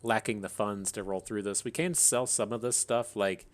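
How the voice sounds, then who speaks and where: A man's voice: fairly low pitch, fairly even intonation, moderate pace. A man hosting his gaming channel, thinking aloud in chatty, casual commentary and laughing at his own tangents.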